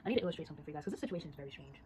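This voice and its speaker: A teenage girl chatting casually and rapidly, telling a story while drawing and acting out the voices of the people in it. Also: sits low, noisy background. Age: teens. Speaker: storyteller vlogger.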